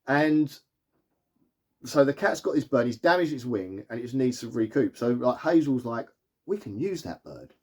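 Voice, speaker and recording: A man's voice: medium pitch, moderate pace, darkish tone. A man giving a casual, rambling film review full of fillers and easy laughs. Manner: rambling, chatty, filler-heavy with frequent laughs.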